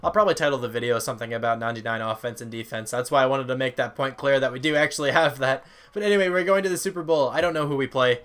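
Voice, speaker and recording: The tone is clean and fairly bright as a mid-range male voice races through commentary on a football video game. The speaker, a tired young gaming YouTuber, rambles casually, reads out stats, belittles himself, and sometimes has his voice crack.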